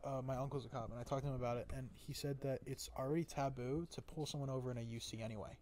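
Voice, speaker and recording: A man's voice: medium pitch, steady tone, very fast, darkish tone, a little hiss or hum. A young man co-hosting a podcast, telling a rambling story in casual chat, full of "like" and "you know". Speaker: podcast co-host. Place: small home podcast studio.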